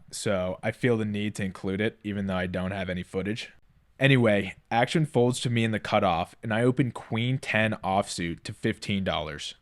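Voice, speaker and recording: A man narrating a poker vlog in a blunt, irritated storytelling voice-over. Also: fairly low pitch. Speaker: poker vlogger.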